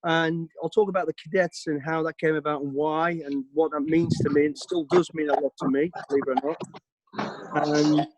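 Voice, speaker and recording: A man from Birmingham with a Brummie accent, giving an energetic, plain-spoken talk to cadets over a video call. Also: fairly high pitch, normal speed, no room sound. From Birmingham, England. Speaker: guest speaker.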